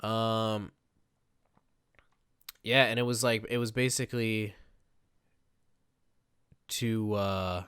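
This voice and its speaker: A man's voice: fairly low pitch, fairly even intonation, very slow, long pauses, fairly bright tone, clean tone, dry recording, clean studio sound. A man giving casual, rambling gameplay commentary at his computer setup. He talks in a chatty, self-mocking way. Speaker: gaming video creator.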